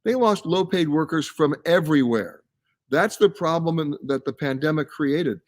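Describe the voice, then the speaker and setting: A man's voice: fairly high pitch, animated, normal speed. A man hosting a live travel show, reading out viewer comments and answering them in a casual, emphatic way. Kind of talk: casual live-stream chat. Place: live from a science center.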